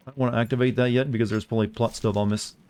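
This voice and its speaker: A man's voice: mid-range voice, fairly even intonation, very fast, darkish tone, smooth. A man streaming a game and chatting casually with his viewers, teasing them and playfully dodging their questions. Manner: teasing, evasive, talks over gameplay. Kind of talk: casual gaming commentary to chat.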